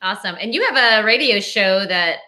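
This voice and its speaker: A woman's voice: mid-range voice, a little fast, sharp tone. A woman with a Southern US accent, hosting an interview in an upbeat, laughing way. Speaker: podcast host.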